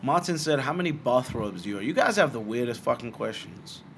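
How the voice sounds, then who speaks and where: A man's voice: medium pitch, brisk, a little hiss or hum. Blunt, swearing young man host. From Britain. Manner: blunt, swearing, animated asides. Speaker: bitcoin livestream host. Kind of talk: casual livestream chat answering viewer questions.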